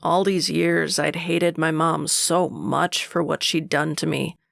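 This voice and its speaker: A man narrating a romance audiobook in the first person, with a steady, unhurried delivery and a gravelly voice. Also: a little high, no echo, clean studio sound.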